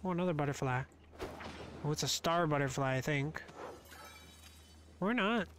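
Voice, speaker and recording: A male streamer chatting casually while playing a game, quick to laugh and talking to his viewers. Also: a little high, a bit bright, slight background noise. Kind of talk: casual gaming stream chat.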